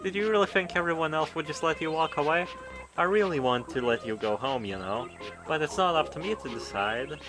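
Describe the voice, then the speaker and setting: A man's voice: a little high, fairly quick, voice pushed up, lightly acted, rough recording. A man voicing a smug, mocking show host. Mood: gleeful. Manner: mocking, theatrical, sing-song. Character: smug cruel male show host staging a trial. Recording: game music behind voice.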